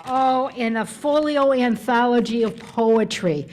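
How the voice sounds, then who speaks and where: A woman's voice: fairly high pitch, measured pace, slight background noise. Effusive woman at a club ceremony. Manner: warm and effusive, exclaims often. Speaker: outgoing club president. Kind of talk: officiating and accepting gifts at a club meeting.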